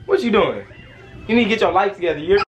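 A man's voice: high-pitched, animated, quick pace, noisy background. A man filming a casual home vlog as a young father, playfully laughing and scolding his toddler in a bedroom.

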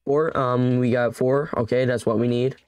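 A young man narrating his own survival game as he plays. He talks in a frantic, pleading rush, bargaining with whatever is chasing him. His voice sits at an ordinary middle pitch. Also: steady tone, moderate pace, a little mellow, clear, resonant tone, no room sound. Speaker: gamer. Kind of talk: let's play commentary.

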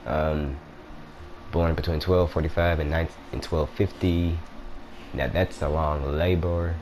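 A man's voice: extremely low pitch, steady tone, unhurried, a little mellow, a little hiss or hum. A young man casually commenting on a video game, rambling and joking as he plays. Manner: rambling, joking, self-interrupting. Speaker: gaming let's-play host.

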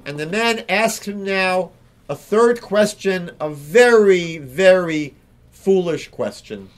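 A rabbi telling a teaching story in a slow, deliberate way, repeating key phrases. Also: male voice, high voice, expressive. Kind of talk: storytelling lesson.

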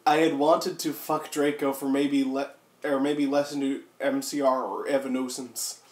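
This man's voice sits at medium pitch, a little mellow, moving at a moderate pace with little rise and fall. Among friends in an echoey room, he performs an overblown comic reading, hopping from goofy voices to asides while his throat aches from coughing.

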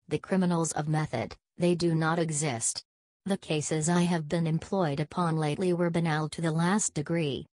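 Brief: fussy, vain old sleuth as voiced by a low-voiced woman, theatrical, French asides, dry booth sound. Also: a little mellow, no room sound. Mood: despondent. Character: fussy, vain older male detective. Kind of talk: audiobook character reading.

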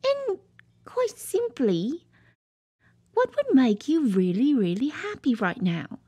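A woman voicing an eccentric cartoon therapist who speaks in a slow, breathy, drawn-out way. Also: high-pitched, sing-song, warm tone, no echo, heavily acted. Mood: calm. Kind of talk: cartoon voice acting.

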